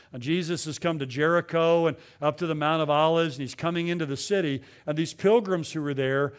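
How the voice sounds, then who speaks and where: A male pastor preaching verse by verse, his voice sitting a little higher than most men's. He talks earnestly and conversationally, restarting phrases as he works through the passage. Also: smooth. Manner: earnest, explanatory, with frequent restarts. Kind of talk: expository sermon.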